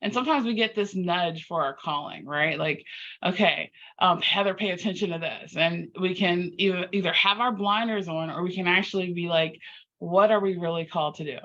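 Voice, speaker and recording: A woman guest on an interview podcast, talking earnestly in an animated, storytelling way and acting out her own inner dialogue. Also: lowish voice, moderate pace. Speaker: podcast guest, life coach. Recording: slightly muffled lo-fi audio.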